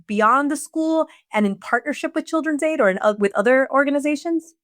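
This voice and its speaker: An effusive woman co-host with a fairly high voice praises her guest warmly. The recording is dry and close, with no room sound. Her speech is lively and emphatic. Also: brisk, no room sound. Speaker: podcast co-host. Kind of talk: interview hosting.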